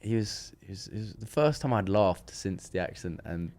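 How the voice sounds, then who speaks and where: A young man shares a personal story on a podcast, his voice sitting a little low for a man. He talks in an animated, tumbling way, restarting sentences as he goes. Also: a little fast. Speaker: podcast guest. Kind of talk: casual storytelling chat.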